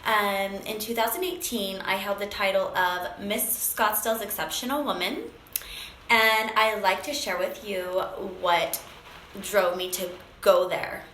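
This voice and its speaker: Animated woman telling a personal story. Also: mid-range voice, measured pace, roomy sound, slight background noise, low-quality recording. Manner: animated, acts out phone calls, many fillers. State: briefly tearful. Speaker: speaker sharing a personal story.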